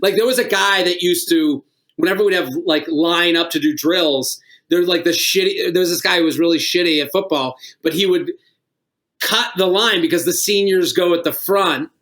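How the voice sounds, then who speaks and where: A middle-aged comedian guesting on a podcast tells rambling stories, laughing often and swearing. His voice sits high with a fairly bright tone at normal speed.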